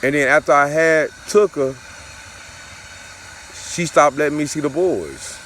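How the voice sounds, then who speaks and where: A man's voice: on the high side, steady tone, measured pace, fairly bright tone, a little hiss or hum. A father telling a personal story in a casual, profane, repetitive way, looping back over the same phrases.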